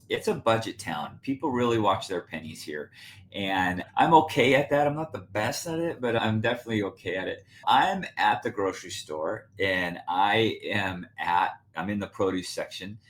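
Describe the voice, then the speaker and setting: A man hosting a podcast, telling a casual story with lots of laughing and acted-out quotes. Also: low voice. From United States. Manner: animated, laughing, acts out quoted voices. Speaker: podcast host. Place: Spokane, Washington.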